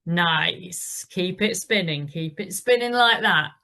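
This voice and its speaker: A woman's voice: on the low side, takes it slowly, gravelly, sharp tone. A woman leading an indoor cycling class, giving encouraging instructions and calling out the pedaling rhythm.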